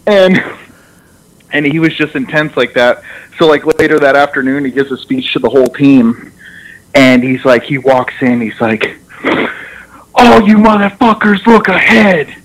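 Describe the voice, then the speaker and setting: A young man in casual chat, telling lively stories with laughter and frequent restarts, heard over a radio broadcast. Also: mid-range voice, moderate pace, rough recording. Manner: animated storyteller, laughs a lot, restarts. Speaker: former football player guest.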